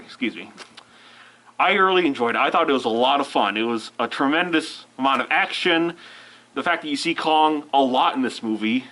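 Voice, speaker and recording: A man's voice: medium pitch, sharp tone, poor audio. Rambling man reviewing a film, with a cold. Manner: rambling, self-interrupting. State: fighting a cold. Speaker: movie reviewer.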